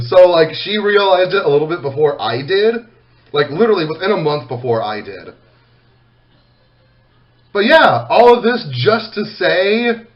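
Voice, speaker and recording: A man casually talking to his viewers, reading comments aloud, emotional and swearing freely, swinging from loud outbursts to soft, quiet thanks. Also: fairly high pitch, big pitch swings, measured pace. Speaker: content creator reading comments.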